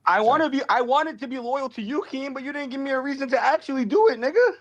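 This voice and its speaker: A man's voice: very high voice, animated, fast talker, noisy background. A man calling in as a guest, brash and defiant, talking casually. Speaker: call-in guest.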